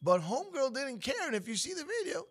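Animated man hosting morning radio. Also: very high voice, fast talker. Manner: animated, playful, teasing. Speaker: radio show host. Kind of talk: casual radio banter.

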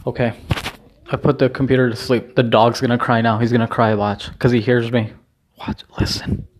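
A man's voice: medium pitch, little pitch movement, fairly quick, pauses often, a little hiss or hum. A man vlogging from home in a casual, rambling chat, full of restarts and easy swearing. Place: at home, indoors.

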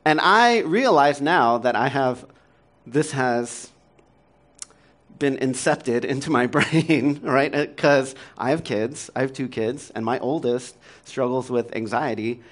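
A man's voice: mid-range voice, slow. A man in his thirties, a pastor preaching a sermon in a conversational, self-deprecating way, often laughing and using fillers.

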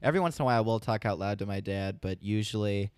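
A man's voice: fairly low pitch, fast, a little mellow, clean tone, dry recording. A man co-hosting a podcast, laid-back and joking in casual chat, swearing now and then. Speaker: podcast co-host.

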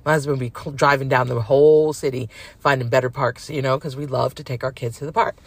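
A woman's voice: very deep voice, steady tone, quick pace, dry recording. A middle-aged woman telling a long personal story in a casual, frank, rambling way with many fillers.

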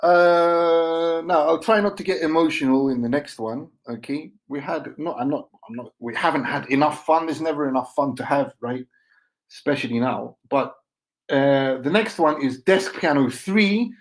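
A man, chatting playfully and reading his own poems aloud. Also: mid-range voice. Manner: playful, rambling, slips into other languages. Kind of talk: casual chat and poetry reading. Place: home, between kitchen and desk.

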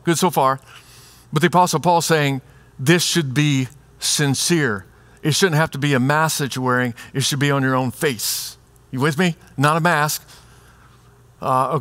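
A male pastor preaching a sermon in a conversational, animated way, acting out everyday examples for the congregation. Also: a little high, dry recording.

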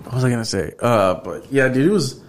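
A man's voice: medium pitch, lively intonation, fast talker, slight background noise. Laid-back man telling stories. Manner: loose storytelling full of profanity and "bro". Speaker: podcast host. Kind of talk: casual chat.

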